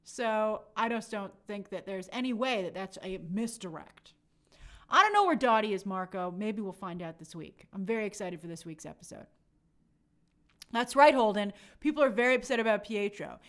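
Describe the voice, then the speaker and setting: A young woman hosting a casual live stream, reading viewer comments aloud and chatting in an animated way with many fillers. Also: mid-range voice, moderate pace. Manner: chatty, animated, lots of fillers and quoted asides.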